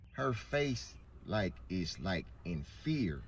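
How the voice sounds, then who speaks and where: A man's voice: fairly low pitch, animated, moderate pace, slight background noise. A man telling a profane personal story and acting out the voices in it. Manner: vivid, profane storytelling with acted-out quotes. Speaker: storyteller in a clip. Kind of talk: storytelling monologue.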